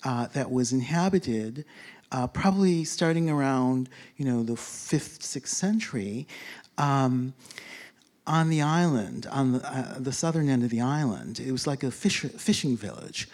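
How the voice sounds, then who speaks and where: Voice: medium pitch, expressive, unhurried, darkish tone. A speaker telling a casual travel anecdote, rambling with many fillers and restarts, chuckling along and acting out what others said. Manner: rambling, full of fillers and self-corrections; chuckles while telling, acts out quoted speech. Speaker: storyteller. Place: lives in a big city, abroad on a trip.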